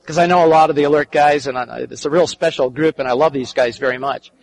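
Earnest older preacher. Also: male voice, on the high side, fairly even intonation, fast, low-quality recording. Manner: earnest, repeats and restarts phrases, drops soft and quiet in the tender parts. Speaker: preacher and counselor. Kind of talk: sermon storytelling.

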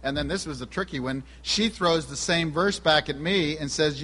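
A man with a slightly high voice delivers a sermon, telling a story from his own life. He keeps turning to the congregation with questions. His voice rings with long reverb in a church hall. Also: normal speed, hardly any pauses, fairly bright tone, husky. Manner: asks the audience questions. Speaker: pastor.

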